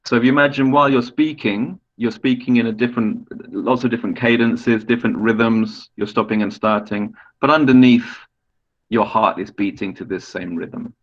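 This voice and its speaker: A man gives a patient online poetry lecture, explaining things step by step and putting questions to his students. His voice sits at a medium pitch. The video-call audio comes through slightly dull. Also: steady tone, normal speed.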